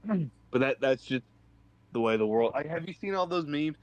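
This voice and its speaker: A young man co-hosting a podcast, telling stories in a halting, laid-back way. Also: a little high, animated, dry recording. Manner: halting, restarts often, laid-back storytelling. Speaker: podcast co-host. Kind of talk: casual chat.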